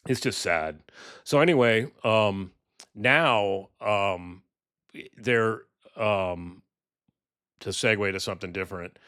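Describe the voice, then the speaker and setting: A man's voice: fairly low pitch, slow pace, pauses often, a bit bright, smooth. A man ranting through political commentary on his vlog, mocking and exasperated, swearing and stumbling over frequent ums and restarts.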